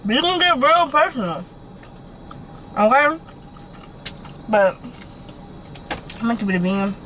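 A young woman vlogging from her car, chatting to her viewers in an animated, slangy way and swearing casually. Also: on the high side, unhurried, slight background noise, poor audio. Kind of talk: casual chat to camera.

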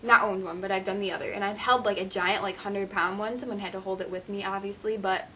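A teenage girl vlogging as she unboxes fan mail, chatty and easily excited. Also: medium pitch, fast, noisy background. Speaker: craft vlogger.

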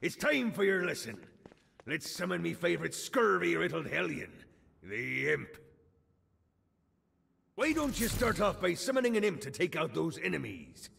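An actor playing a gruff male pirate captain, with a gravelly, theatrical brogue. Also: fairly high pitch, very animated, moderate pace, long pauses, a bit bright, slight background noise, heavily acted. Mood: instructive. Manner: theatrical, growling.

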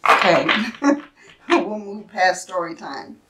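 A woman doing a spiritual tarot reading, speaking earnestly and emotionally in short halting phrases, often checking in with "right?". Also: medium pitch, very noisy. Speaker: tarot reader.

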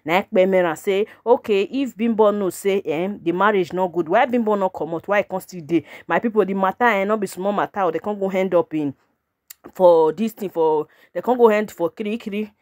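A woman's voice: medium pitch, fairly quick, a little mellow, no room sound, studio quality. A woman with a Nigerian Pidgin English accent hosting a celebrity gossip channel, chatting casually and calling out to her viewers again and again. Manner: chatty, repeatedly addressing her audience.

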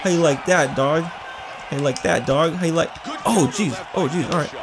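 A man playing a fight game, reacting excitedly, yelping, laughing and trash-talking his opponent. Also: fairly high pitch, normal speed. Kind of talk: excited let's-play reactions. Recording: game arena crowd noise behind. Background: video game crowd noise.

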